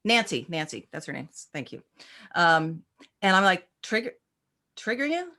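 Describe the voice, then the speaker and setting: A woman practitioner and teacher in a casual interview, telling animated stories and acting out quoted voices with many restarts. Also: low-pitched, moderate pace, vocal fry.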